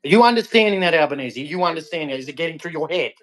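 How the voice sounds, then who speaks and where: A man's voice: a little high, lively intonation, very fast, a bit bright. An angry young Australian man in a heated, repetitive rant aimed at a politician. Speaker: vlogger.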